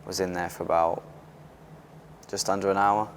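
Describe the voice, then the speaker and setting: A man's voice: sits low, moderate pace, a little hiss or hum. A man in his twenties, an athlete guest in a casual interview, talking openly with frequent restarts. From Britain. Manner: open and animated, restarts often.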